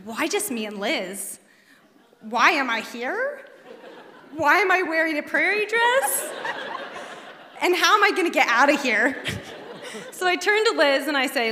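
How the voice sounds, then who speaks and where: A woman's voice: high-pitched, animated, unhurried, long pauses, pushed and bright. A woman telling a funny live story on stage, bubbly and self-mocking. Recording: echoey hall.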